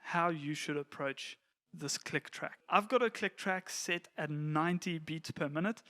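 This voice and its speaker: A man giving a relaxed, plain-spoken lesson to church volunteer musicians, now and then counting beats aloud. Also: on the high side, measured pace. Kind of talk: casual instructional talk.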